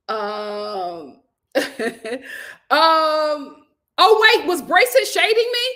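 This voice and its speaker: A woman with a high, bright voice hosts a relaxed livestream, reading viewer comments aloud and laughing often as she talks back to them. She takes her time, unhurried and easygoing. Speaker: host reading live chat. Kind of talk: casual livestream chat.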